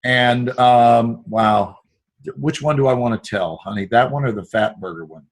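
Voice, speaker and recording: A middle-aged man talking as an interview guest, expansive and animated, acting out the voices he quotes. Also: mid-range voice, moderate pace. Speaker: guest actor. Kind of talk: motivational storytelling.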